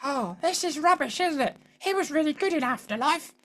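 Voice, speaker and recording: A man's voice: extremely high pitch, expressive, brisk, fairly bright tone, pitched above the performer's own voice, full character voice. A man mimicking his chirpy British wife. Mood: sing-song.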